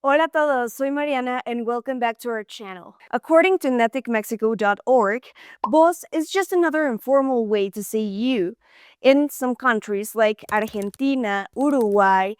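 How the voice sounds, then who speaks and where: A woman's voice: fairly high pitch, moderate pace, clean tone. A woman teaching Spanish in a chatty, friendly-explaining way, often saying "like". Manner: chatty, frequent "like" fillers. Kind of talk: explaining lesson to camera.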